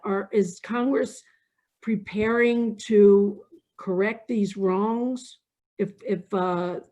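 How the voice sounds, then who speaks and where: Woman audience member, slow and mellow, asks a careful question on a video call. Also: mid-range voice. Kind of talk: posing a question.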